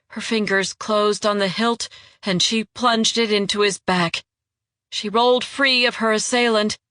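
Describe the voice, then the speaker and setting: A woman narrating an audiobook in a measured, even storytelling manner. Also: fairly high pitch, no echo, clean studio sound. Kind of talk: scripted narration.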